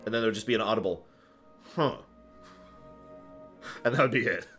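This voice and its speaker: A man's voice: lowish voice, very fast, a bit bright, soft background music. A man answering viewer questions on a casual live stream, rambling, correcting himself and chuckling as he goes.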